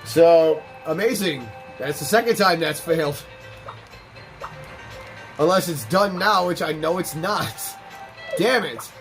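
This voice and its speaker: A man's voice: fairly high pitch, slow pace, pauses often, soft background music. A man hosting a let's play, telling a personal story and cursing freely as he plays. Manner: candid, profane, animated. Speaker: gaming channel host.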